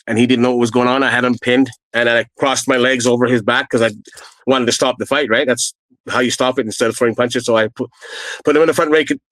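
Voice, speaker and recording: A middle-aged man from Canada, a guest telling his own story in a blunt, lively way and acting out what others said. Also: quick pace, dry recording, low-quality recording. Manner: re-enacts quoted people with raised pitch, blunt and profane. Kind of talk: animated personal storytelling.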